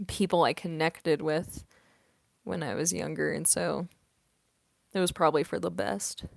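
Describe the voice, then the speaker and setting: A young woman and voice actress chatting in a quiet, soft-spoken late-night Q&A at home, laughing often. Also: fairly low pitch, fairly even intonation, unhurried, creaky, no echo, clean studio sound. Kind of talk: casual late-night Q&A chat.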